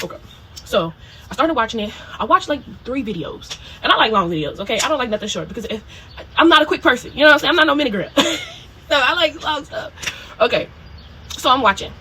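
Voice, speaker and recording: A woman talks quickly through a personal story for her video diary, chatty and animated. She swears freely and keeps checking in with "okay?" and "you know?" A faint room ambience sits behind her voice. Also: mid-range voice, slight background noise, rough recording. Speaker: spiritual video diarist.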